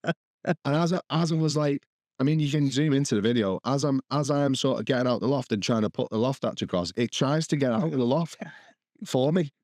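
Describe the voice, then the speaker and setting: A man's voice: medium pitch, brisk, a little mellow, no room sound, studio quality. A man co-hosting a podcast, telling a rambling story full of restarts, with swearing and laughter. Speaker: podcast co-host. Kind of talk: casual chat.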